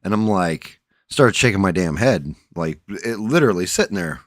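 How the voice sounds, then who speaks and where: A man's voice: low-pitched, expressive, moderate pace, dry recording, studio quality. A man hosting a casual livestream, rambling bluntly with profanity and frequent restarts, groggy from just waking up. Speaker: livestream host.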